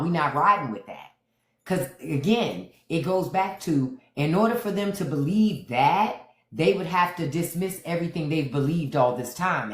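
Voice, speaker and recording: A man hosting a casual livestream, giving opinionated political commentary and stopping often to greet viewers by name. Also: a little high. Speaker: livestream host. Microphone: phone livestream. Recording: roomy echo.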